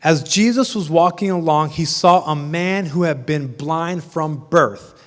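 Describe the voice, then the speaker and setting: A man with a high voice delivers a sermon, telling the story in a relaxed, conversational way with humorous asides. He sounds like a pastor in a church sanctuary, and a long reverb rings after his words. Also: unhurried.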